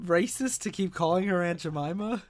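High-voiced man making nerdy asides. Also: lively intonation, moderate pace. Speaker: podcast co-host. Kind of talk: casual comic book discussion.

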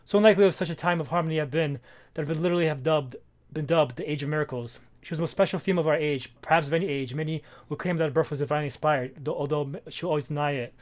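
A man co-hosting a casual comic book chat, animated and reading dialogue aloud with feeling. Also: on the high side, very fast. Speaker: podcast co-host.

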